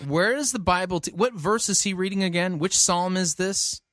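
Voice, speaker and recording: A man's voice: sits high, normal speed, a bit bright, dry recording. Skeptical male sermon critic, dry sound. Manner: skeptical, challenging, repeats quotes mockingly. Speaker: sermon reviewer. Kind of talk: critical commentary.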